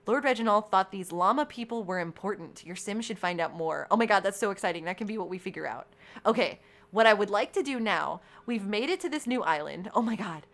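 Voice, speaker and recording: Excitable bright-voiced woman streamer. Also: mid-range voice, brisk. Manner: excitable, squealing and shouting at game moments. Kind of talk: gaming livestream chat. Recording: faint background game music.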